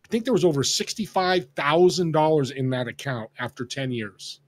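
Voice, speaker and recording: Animated older man telling stories. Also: a little high, normal speed. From Northern California. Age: 60s. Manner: animated, acts out quoted dialogue. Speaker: guest. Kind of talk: casual storytelling.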